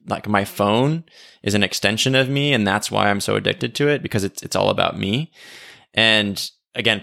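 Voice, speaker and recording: Low gravelly man on a podcast. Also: a bit bright, dry recording, studio quality. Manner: conversational, frequent "like" and "right?". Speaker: podcast co-host. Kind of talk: casual faith discussion.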